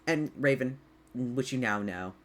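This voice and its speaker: Woman game master, low voice with a lively swing, casual and chatty. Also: a little slow. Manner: casual, laughing, filler-heavy. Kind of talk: narrating a tabletop game.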